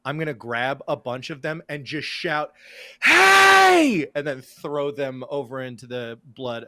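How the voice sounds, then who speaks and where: A man playing a tabletop horror game, talking in a halting, wry and mock-formal way. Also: medium pitch, a bit bright, no echo. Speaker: player.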